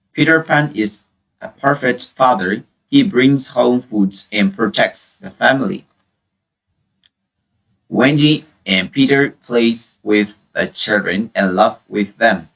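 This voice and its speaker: A man reading a children's story aloud for English learners, clear and deliberate. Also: on the low side, fairly bright tone, recorded from a distance, rough recording.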